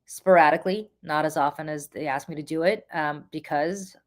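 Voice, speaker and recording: A woman's voice: deep voice, moderate pace. A woman with a congested voice, giving casual live-stream political commentary and chatting with viewers, with frequent ums.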